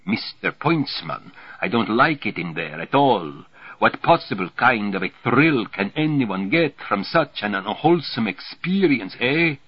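A timid, uneasy man talks slowly and mildly, with a husky, lowish voice, as a male reader plays him. The recording sounds dull and lo-fi. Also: sing-song, no room sound, exaggerated voice. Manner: slow, hesitant, mild.

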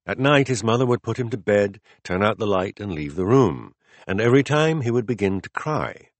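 A man reading as a calm, low-voiced philosopher. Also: normal speed, no echo, lightly acted. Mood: patient. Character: calm, patient male teacher explaining ideas. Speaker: philosopher in a dialogue. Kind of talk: audiobook dialogue reading.

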